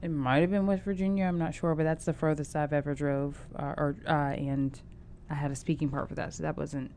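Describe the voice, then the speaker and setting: A woman with a notably low voice chats casually as an actor guest on an interview show. She talks freely, with plenty of fillers and restarts, and a faint hum sits behind her. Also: steady tone, a little fast, warm tone. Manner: chatty, with many fillers and restarts.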